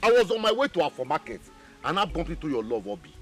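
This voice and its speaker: An actor with a Nigerian accent playing an excitable, gossipy young village man. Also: on the high side, soft background music. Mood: indignant. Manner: excitable, fast-talking. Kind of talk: film acting.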